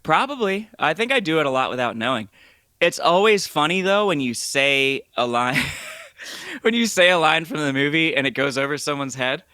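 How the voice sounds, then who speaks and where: A man's voice: fairly high pitch, animated, normal speed, sharp tone, clean tone, no room sound, clean studio sound. A man co-hosting a podcast in casual chat, telling jokey stories and laughing often. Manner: joking storyteller, laughs often. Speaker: podcast co-host.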